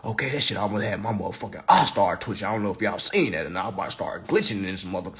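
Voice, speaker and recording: A man's voice: sits low, animated, rapid-fire, hardly any pauses, fairly bright tone. A man ranting to viewers on a live stream, preachy and profane, firing off rhetorical questions. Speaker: online personal finance commentator.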